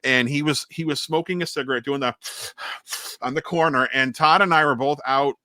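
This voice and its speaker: A man's voice: medium pitch, fast, no room sound, studio quality. A man co-hosting a horror podcast, chatting casually and telling rambling, profane stories. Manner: rambling, animated storyteller with profanity. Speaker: podcast co-host. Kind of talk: casual chat.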